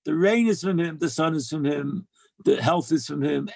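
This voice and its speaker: A man's voice: fairly high pitch, normal speed, vocal fry, a little mellow. A man giving a heartfelt religious talk, earnest and emphatic, repeating key phrases as he shares Torah lessons. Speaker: speaker sharing Torah lessons.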